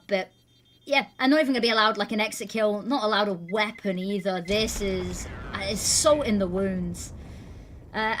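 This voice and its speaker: High-voiced woman casting live esports. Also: slight background noise. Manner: energetic, playful banter. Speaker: esports caster.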